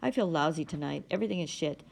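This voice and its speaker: Woman doing anxious teen boy in an audiobook, strained, sorry, lowish voice. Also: lively intonation, fast, creaky, darkish tone, full character voice. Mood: pleading. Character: anxious teenage boy, withdrawn and pleading.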